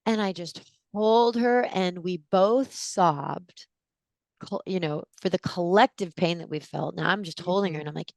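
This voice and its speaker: A woman in her forties, a guest in an interview, telling a personal story in an animated way and acting out what people said. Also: lowish voice, a little slow, no room sound. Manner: animated storyteller, acts out quotes with gasps.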